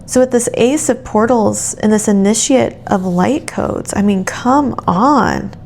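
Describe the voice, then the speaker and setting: A woman giving a soothing channeled tarot reading, speaking gently and affirmingly straight to the listener. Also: medium pitch, unhurried, creaky, slight background noise. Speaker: tarot reader.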